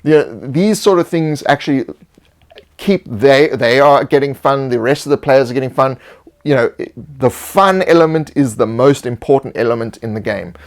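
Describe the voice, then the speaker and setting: Male co-host, mid-pitched, loose rambling delivery, tabletop tips chat. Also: moderate pace. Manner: relaxed, rambling, frequent restarts. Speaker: co-host giving game master tips. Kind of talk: casual advice chat.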